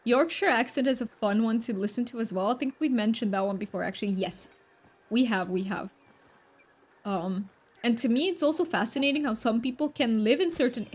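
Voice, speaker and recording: A woman whose first languages are Romanian and Hungarian, chatting casually on a game stream and answering chat aloud. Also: on the high side.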